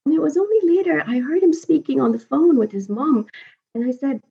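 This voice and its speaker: A woman guest on a podcast, telling her life story from home in a lively, laughing, animated way. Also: sits high, fairly quick, gravelly. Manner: lively, laughs often, retells dialogue animatedly. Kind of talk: storytelling interview chat. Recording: dull lo-fi sound.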